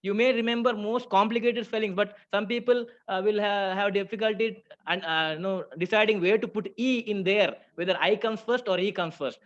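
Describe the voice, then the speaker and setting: Man, high voice, teaching a chatty online class, muffled audio. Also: steady tone, brisk, few pauses, fairly bright tone. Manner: chatty, asks the class questions, reads out their answers.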